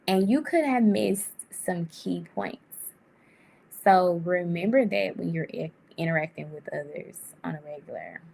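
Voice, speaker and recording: A woman vlogger talking casually to camera with life advice, chatty and animated, laughing often and jumping up in pitch. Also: measured pace, creaky. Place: indoor room.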